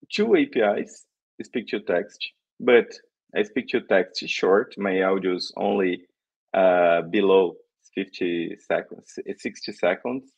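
A man from Brazil with a Brazilian Portuguese accent, presenting a live coding demo in halting English, searching for words. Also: lowish voice, gravelly, a little mellow, slightly rough, lo-fi sound.

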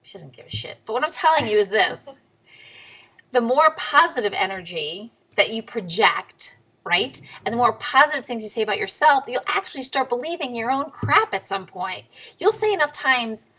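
A young woman vlogs in a casual, blunt way, her voice bright and forceful. She sits on the higher side for a woman and leaps even higher whenever she mimics someone. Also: normal speed, breathy edge. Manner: blunt, animated, swinging pitch way up for quoted voices. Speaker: vlogger. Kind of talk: casual video diary.

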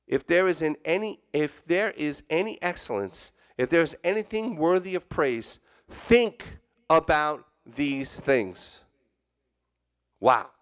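A man's voice: medium pitch, clear, resonant tone. A man preaching a sermon as a church elder, telling stories in a conversational way and repeating key lines for emphasis. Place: church sanctuary.

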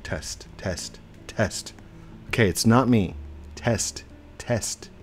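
A young man giving chatty, excitable live commentary while he plays a game, breaking into baby talk with his in-game dog. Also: lowish voice, extremely slow, faint music behind. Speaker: gaming streamer. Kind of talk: casual live gameplay commentary. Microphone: desk mic with webcam.

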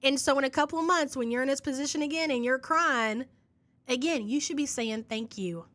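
A woman's voice: sits high, a little fast, fairly bright tone. A woman hosting a live reaction podcast, reading chat messages and making sarcastic remarks. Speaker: commentary podcast host.

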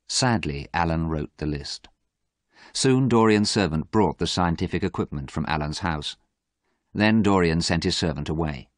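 Deep-voiced man reading a story expressively. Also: moderate pace, dry recording, clean studio sound. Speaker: narrator. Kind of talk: scripted story narration for English learners.

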